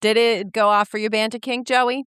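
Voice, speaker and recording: Smooth-voiced woman, quick and teasing. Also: on the high side, steady tone, a bit bright, no room sound, clean studio sound. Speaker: podcast co-host. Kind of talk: casual book-club chat.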